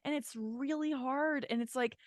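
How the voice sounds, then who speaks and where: A woman's voice: sits high, steady tone, normal speed, dry recording. Woman podcast cohost, rambly and candid, lots of likes and swearing, dry close sound. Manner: candid, rambling, heavy "like" filler, swears freely. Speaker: podcast co-host. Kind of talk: casual chat.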